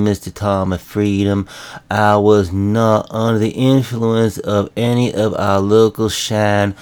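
A man putting on a boozy, blustering small-town sheriff from the American South for a comedy radio bit. The voice is low, with a pompous, slurry drawl that takes its time over every word, and a thick Southern accent. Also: a little mellow, smooth. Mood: indignant.

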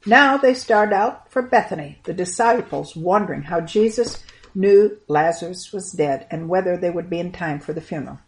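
A woman's voice: lowish voice, expressive, moderate pace. Woman reading a Bible story to children.

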